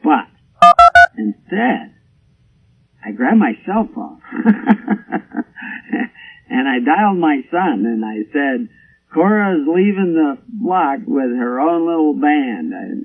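A man's voice: mid-range voice, lively intonation, slow pace, pauses often, husky. A middle-aged man preaching a folksy sermon, telling a farm story with frequent chuckles. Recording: tinny phone-like radio broadcast.

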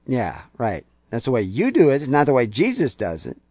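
A man's voice: medium pitch, huge pitch swings, fairly quick, no echo. Guy preaching hard, voice jumps all over, mocks people he quotes, dry close sound. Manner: impassioned, rising to loud emphatic peaks. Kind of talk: sermon.

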